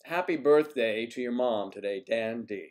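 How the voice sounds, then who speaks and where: With a mid-range, slightly mellow voice and a moderate pace, a US livestream host chats loosely with his audience. He answers their comments while rambling and hopping between topics.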